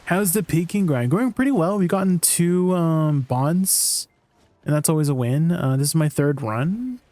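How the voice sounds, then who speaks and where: Male streamer, slightly high voice, unhurried, rambling casual chat. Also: warm tone. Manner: rambling, filler-heavy, laughs at himself. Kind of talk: casual chat while livestreaming a game.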